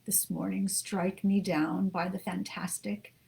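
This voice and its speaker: A middle-aged woman from the United States co-hosting a live book show from her home desk, chatty and warm, greeting viewers by name with many ums. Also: mid-range voice, level tone, measured pace, gravelly. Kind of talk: casual live-stream chat greeting viewers.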